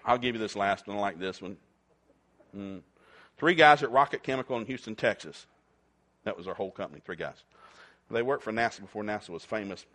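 A man's voice: lowish voice, a little fast, pauses often, a bit bright. A male preacher, telling stories in a sermon and acting out quotes and sound effects. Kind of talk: storytelling sermon.

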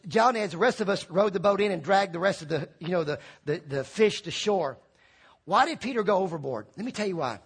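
A man preaching a lively sermon, acting out quoted voices and shouting for emphasis. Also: sits high, slightly rough.

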